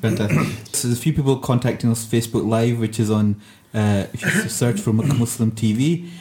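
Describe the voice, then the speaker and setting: A man's voice: medium pitch, normal speed, darkish tone. A man hosting a panel show, reacting briefly to guests and reading out listener messages. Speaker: host.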